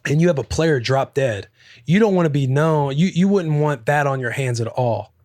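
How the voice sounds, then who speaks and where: Young guy hosting a pod, kinda high voice, rambly and hyped, swears a ton. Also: moderate pace, no echo. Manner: excitable, swears freely, rambling. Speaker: podcast host. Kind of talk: casual chat.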